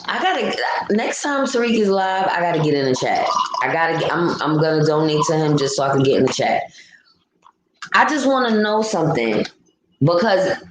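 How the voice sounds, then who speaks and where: A woman's voice: fairly low pitch, echoey room, a little hiss or hum, rough recording. A woman hosting a casual livestream, ranting bluntly and reading out chat comments. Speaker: livestream host. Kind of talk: casual live-stream commentary.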